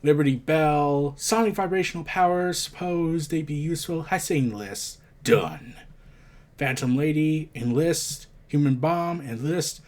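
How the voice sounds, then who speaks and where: A man reading the lines of a cold, curt masked vigilante from a comic book, quietly and briskly. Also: fairly high pitch, natural voice.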